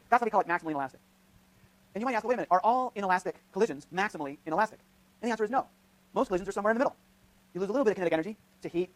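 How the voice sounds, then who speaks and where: A man lecturing on physics in a lecture hall, thinking aloud with frequent restarts and "right?" checks as he runs a live demonstration. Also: high voice. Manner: thinks aloud, many restarts and tag questions. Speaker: physics professor.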